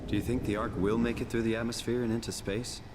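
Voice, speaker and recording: A man's voice: mid-range voice, little pitch movement, fast talker, close to an everyday voice. A man voicing an earnest, uneasy survivor. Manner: earnest, plainspoken. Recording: game dialogue with gameplay noise behind.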